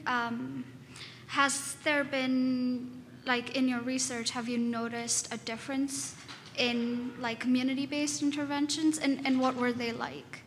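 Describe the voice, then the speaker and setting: Female audience member, flat and halting, asking a question in an echoing hall. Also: a little high, slight background noise. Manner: hesitant, many fillers. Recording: reverberant hall with faint ambience.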